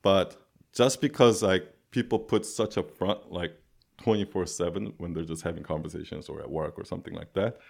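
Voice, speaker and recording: A man co-hosting a podcast in casual chat, with a calm, soothing voice and a rambling manner full of filler words. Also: low-pitched, moderate pace, vocal fry. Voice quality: calm voice that listeners find soothing. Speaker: podcast co-host.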